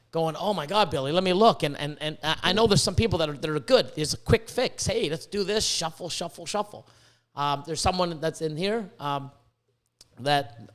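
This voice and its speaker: A Canadian man hosting a podcast, ranting excitably with lots of swearing and stumbling restarts. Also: a little high. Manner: profane, excitable, with many restarts. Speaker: podcast host. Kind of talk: casual podcast rant.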